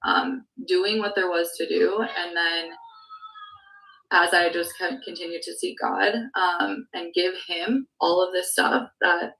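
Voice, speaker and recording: A woman's voice: lowish voice, fairly even intonation, takes it slowly, creaky, bright, forceful tone, distant mic, poor audio. A woman sales producer sharing her story on a team call, earnest, full of "like" and "um", close to tears at times. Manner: heavy use of "like" and "um", earnest and emotional. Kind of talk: candid testimony on a team call.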